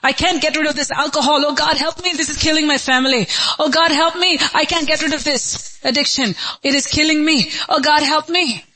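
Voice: high voice, steady tone, a little fast, pushed and bright, voice pushed up. A pastor acting out a desperate addicted person who cries out to God in anguished, pleading wails.

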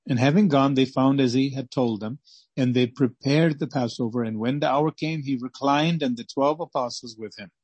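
A male preacher with a husky, slightly breathy voice at a middle pitch. He swings from loud outcries to hushed pleas as he preaches and reads scripture. The sound is dry and close. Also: no echo. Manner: impassioned, swings between loud exclamations and hushed pleading. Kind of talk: sermon with scripture reading.

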